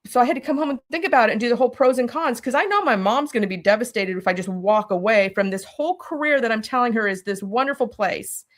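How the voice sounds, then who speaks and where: A woman telling a personal story as an interview guest, animated and speaking directly to her listeners. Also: a little high, fast, few pauses. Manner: animated, talks straight to listeners.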